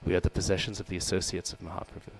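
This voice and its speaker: A man's voice: little pitch movement, very fast, poor audio. A man giving a scripture class in a temple, often checking in with his listeners with "hmm?" and "right?" and acting out quoted lines. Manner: acts out quoted lines with raised voice. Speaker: devotional class speaker. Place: temple hall. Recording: low mains hum behind.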